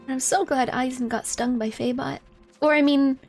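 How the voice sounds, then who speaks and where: High-voiced giggly woman streamer. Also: steady tone, normal speed, darkish tone, soft background music. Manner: giggly, chatty, thanks viewers by name. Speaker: live streamer. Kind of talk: live gameplay commentary.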